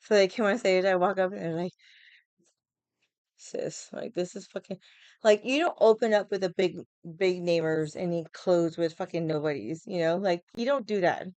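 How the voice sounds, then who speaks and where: A woman vlogger telling stories in a casual, animated way, swearing often and acting out other people's lines. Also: fairly low pitch, fairly quick, few pauses, clear, resonant tone, no room sound. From Hawaii. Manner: animated, profane, laughs often, acts out quotes. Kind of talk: casual storytelling chat.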